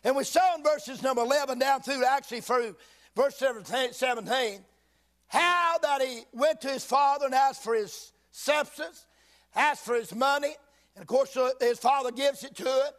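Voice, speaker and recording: The pastor's pitch is extremely high as he preaches in the church sanctuary, reading slowly from the King James Bible. Folksy interjections punctuate the reading, and he occasionally shouts to stress a point.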